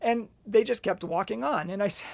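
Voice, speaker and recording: A man's voice: high voice, normal speed, gravelly, no room sound. A man giving a motivational Catholic talk, telling a personal story and acting out what people said. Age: adult, past college. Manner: animated storyteller with acted-out quotes. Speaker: Catholic speaker.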